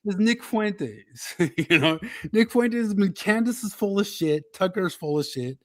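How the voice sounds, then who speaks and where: A man's voice: high-pitched, animated, unhurried, no echo. A man co-hosting a casual podcast, telling political stories with laughs and mimicking quotes. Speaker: podcast host.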